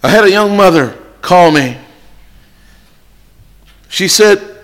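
High-voiced man preaching in a reverberant hall. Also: lively intonation, slow pace, long pauses, fairly bright tone. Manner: earnest and pleading, with many restarts and repeated phrases. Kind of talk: sermon. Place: church meeting hall before an evening congregation.

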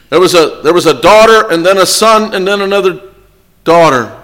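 A man's voice: high-pitched, expressive, normal speed, a bit bright, long reverb tail. A man preaching a sermon to an evening congregation, earnest and pleading, often restarting and repeating his phrases. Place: church meeting hall before an evening congregation.

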